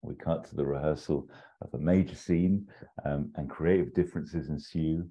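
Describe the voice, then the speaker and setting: A man's voice: very deep voice, steady tone, normal speed, dark tone, muffled recording. A man telling a story idea in a casual chat, rambling with fillers and restarts and acting out the quotes. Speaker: podcast co-host pitching a story.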